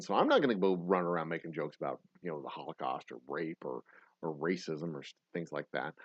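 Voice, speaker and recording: A man's voice: on the low side, no echo. A man hosting a casual show, rambling through a profane story with many restarts. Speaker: host. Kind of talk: casual chat. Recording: slightly dull lo-fi audio.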